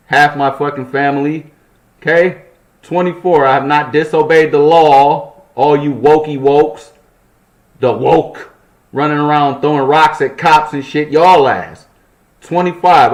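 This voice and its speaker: A young man host reading a numbered list aloud in his apartment, breaking off into profane, joking asides. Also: on the high side. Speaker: channel host. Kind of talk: reading a list with loose commentary.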